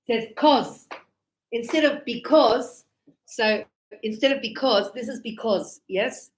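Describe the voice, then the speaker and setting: A woman's voice: a little high, measured pace, slight background noise. A woman with an Australian accent teaching English, explaining phrases in a chatty way with acted examples. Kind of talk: online language lesson. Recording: echoey room.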